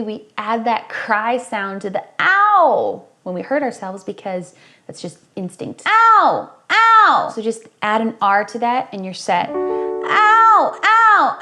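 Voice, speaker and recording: A young woman coaching singers through a worship song, explaining technique calmly and demonstrating with bright sung examples. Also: mid-range voice. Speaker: vocal coach. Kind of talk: singing lesson with sung demonstrations.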